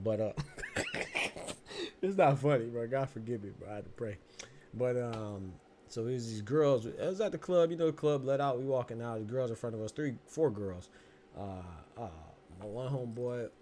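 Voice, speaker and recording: A man in his thirties hosting a boxing podcast in loose, slangy chat. He tells long stories and breaks into laughter along the way. His voice sits in a middle range over a faint background hum. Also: medium pitch. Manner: animated, laughs through his story, slangy. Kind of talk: casual storytelling and live chat.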